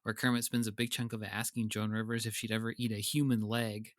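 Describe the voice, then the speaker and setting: A man co-hosting a podcast in casual chat, laughing often and tossing in quick wry asides. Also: on the low side, flat delivery, dry recording, studio quality. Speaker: podcast co-host.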